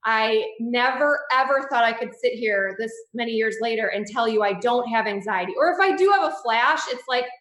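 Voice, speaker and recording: A woman's voice: fairly high pitch, animated, normal speed, few pauses, a bit bright. A woman in her thirties, a guest telling her personal story in an interview, candid and rambling with many restarts. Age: 30s. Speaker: guest, boudoir photographer. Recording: echoey room.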